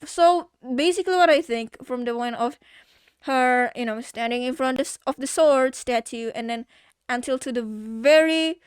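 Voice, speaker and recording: Young female reaction vlogger, high smooth voice, rambling and heartfelt, drops curses, dry close sound. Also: normal speed, no room sound. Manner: rambling and heartfelt, full of "like" and "you know"; swears and laughs while talking. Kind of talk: casual movie commentary.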